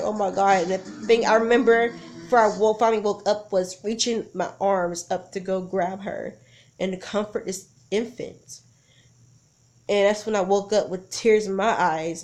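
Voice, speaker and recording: A woman's voice: mid-range voice, a little mellow. A woman in her twenties telling a personal story in a casual, rambling, emotional way, full of fillers and restarts. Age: 20s. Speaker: vlogger.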